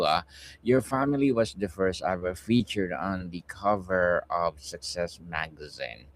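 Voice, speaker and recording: A man's voice: sits low, a little hiss or hum. A man hosting a podcast, who thanks his guest politely and reads out interview questions. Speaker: podcast host.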